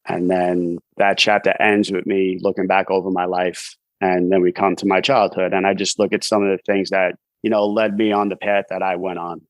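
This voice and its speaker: A low-pitched man with a New York accent tells his story in a flat, even tone. He rambles casually and leans on "you know" fillers. The sound is dry and close, with no room echo. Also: moderate pace, few pauses. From Brooklyn, New York. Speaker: podcast guest, author in recovery.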